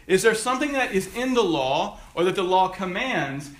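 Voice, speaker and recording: A man's voice: high-pitched, very animated, normal speed. A man preaching a sermon, teaching through a text with emphatic rises on the verses he quotes. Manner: emphatic, rising on quoted scripture. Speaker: pastor.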